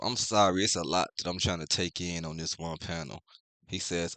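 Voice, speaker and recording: Dude with a low forceful voice riffing on a comic, cussing, super dry sound. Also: male voice, fairly even intonation, brisk, no echo. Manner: offhand, profane, talks straight to viewers. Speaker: comic reviewer. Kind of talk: casual reading and commentary.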